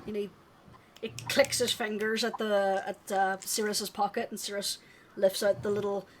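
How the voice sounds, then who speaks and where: A woman's voice: mid-range voice, little pitch movement, normal speed, noisy background. A woman narrating as game master of a tabletop game, giggling often and leaning on fillers. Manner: giggly, filler-heavy, hesitant.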